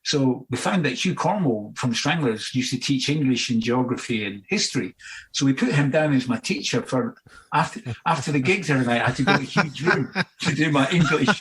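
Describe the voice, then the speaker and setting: A man's voice: medium pitch, fairly quick, a bit bright, rough recording. A Scottish man in his sixties, a musician guest in a casual interview, telling rambling anecdotes full of fillers and asides.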